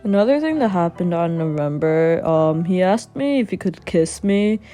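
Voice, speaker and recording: Low, mellow sarcastic young woman. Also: animated, normal speed, faint music behind. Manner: sarcastic, swears a lot. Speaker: vlogger. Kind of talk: casual storytime.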